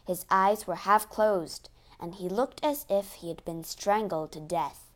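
Slow, steady female storyteller. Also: medium pitch. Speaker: narrator. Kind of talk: storybook reading.

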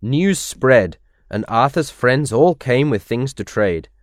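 A man reads a children's storybook aloud, gentle and expressive. He takes his time with lively rises and falls in pitch, recorded dry and close. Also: slow, no echo. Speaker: narrator.

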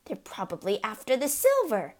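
A shrill, panicky mother, played by a woman reader, shrieks and hisses with loud, high urgency. Her pitch leaps about wildly as she bosses her family around in a storybook scene. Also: huge pitch swings, normal speed, exaggerated voice. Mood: panicked. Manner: shrieking and hissing in alarm. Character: panicky, bossy middle-aged mother.

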